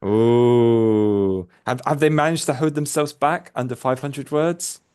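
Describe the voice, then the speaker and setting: A man's voice: fairly high pitch, steady tone, moderate pace. A man co-hosting a casual podcast, chiming in with brief, playful reactions. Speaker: podcast co-host.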